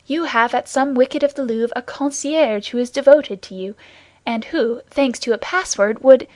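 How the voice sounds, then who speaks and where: A woman's voice: on the high side, moderate pace, a little mellow, dry recording, close to an everyday voice. A woman voicing an earnest, gallant young male guardsman in an audiobook, reassuring and commanding.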